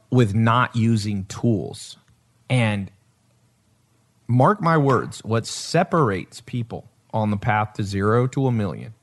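A man hosting a podcast in casual chat, telling stories with lively acted-out quotes. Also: mid-range voice. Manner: animated storyteller who acts out quotes and laughs. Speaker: podcast host.

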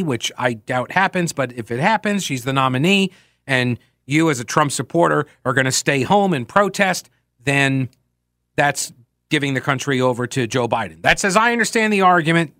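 A man hosting political talk radio in a chatty, opinionated way, wandering through his points and reading listener emails aloud. His voice sits a bit high for a man. The studio sound is close and dry. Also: fairly quick, fairly bright tone, dry recording. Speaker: radio talk show host.

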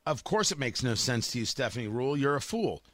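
A man's voice: medium pitch, big pitch swings, fairly quick, fairly bright tone, a little hiss or hum. A man delivering a sarcastic, combative opinion monologue as a talk show host.

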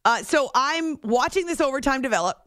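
Chatty sports radio host, higher woman. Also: fairly quick, dry recording, studio quality. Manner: chatty, animated, self-interrupting. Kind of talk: casual on-air storytelling. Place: radio studio. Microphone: studio microphone.

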